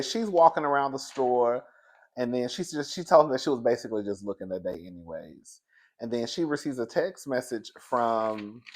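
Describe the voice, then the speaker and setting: Young male reviewer, gossipy and animated, medium pitch, keeps calling the audience girl and baby. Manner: sassy, gossipy, laughs often, calls listeners girl and baby. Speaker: TV show reviewer. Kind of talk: animated casual recap.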